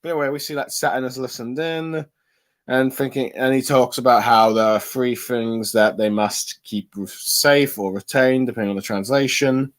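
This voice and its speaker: A man's voice: mid-range voice, fairly even intonation. Rambling male host reviewing comics. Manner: rambling, halting with many fillers. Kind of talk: casual comic chapter review.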